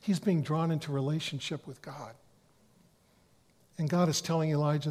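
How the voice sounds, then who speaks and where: A man preaching a sermon in an earnest way, often restarting phrases and dropping to a hush for quoted words. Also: a little high, fairly even intonation, moderate pace, long pauses. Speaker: pastor.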